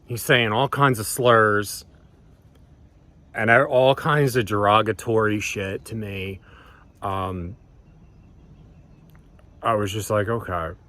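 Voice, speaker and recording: A man's voice: lowish voice, steady tone, slow pace, long pauses, sharp tone. A man telling a personal story in a casual, rambling way, swearing freely and often restarting his sentences. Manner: rambling, profane, many restarts and ums. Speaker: vlogger.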